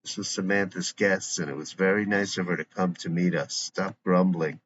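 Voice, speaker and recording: A man reading the part of a fussy, kind middle-aged mother who gently scolds her husband. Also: deep voice, fairly even intonation, moderate pace. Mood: fussing. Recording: dull lo-fi recording with faint hiss.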